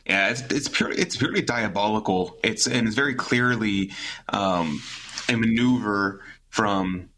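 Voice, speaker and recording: A man's voice: lowish voice, a little slow, sharp tone, low-quality recording. A man as a talk show guest, making emphatic points while searching for words. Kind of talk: casual talk show discussion.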